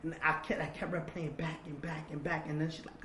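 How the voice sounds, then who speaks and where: A man's voice: fairly high pitch, level tone, a little fast, a bit bright. A man, a guest on an interview show, telling a personal story in emotional confessional style. He acts out quoted dialogue and repeats words as he talks. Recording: echoey room with faint noise.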